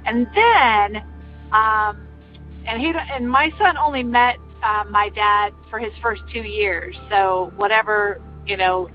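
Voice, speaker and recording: An older woman earnestly telling a personal ghost story in a casual, meandering way, with many pauses. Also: mid-range voice. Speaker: caller sharing a ghost story. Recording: slightly muffled, faint music behind.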